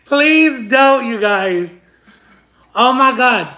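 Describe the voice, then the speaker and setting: A man's voice: extremely high pitch, animated, very slow, bright, forceful tone. A man vlogging as he opens fan mail, telling a story to his viewers in a dramatic, giggly way. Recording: roomy echo.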